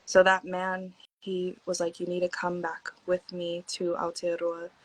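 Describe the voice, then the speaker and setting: A woman's voice: on the low side, monotone, measured pace, no echo, poor audio. Laid-back young woman telling stories. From Hawaii. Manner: laid-back, slangy, many "like" fillers, acts out quotes. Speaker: podcast guest. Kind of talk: casual storytelling chat.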